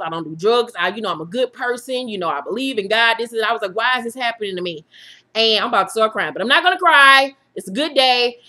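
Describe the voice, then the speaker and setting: A woman's voice: mid-range voice, bright, forceful tone. A woman in her thirties, a YouTube host, telling her viewers her own story in a frank, profane way and laughing through the hard parts. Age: 30s. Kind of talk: candid personal storytelling to viewers.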